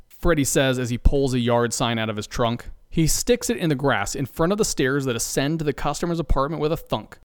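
A man narrating a comedic story in a playful, deadpan way. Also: mid-range voice, brisk, hardly any pauses, clean tone, no room sound, studio quality.

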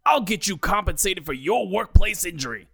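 A man voicing a sleazy male TV injury lawyer with a heavy Brooklyn accent, bellowing a drawn-out sales pitch in a comedy audio drama. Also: animated, vocal fry, fairly bright tone, slightly rough, exaggerated voice. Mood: hard-selling.

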